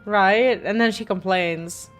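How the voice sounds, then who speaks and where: A woman's voice: medium pitch, takes it slowly, soft background music. A woman gaming streamer giving casual let's-play commentary, chatty and reactive, laughing often.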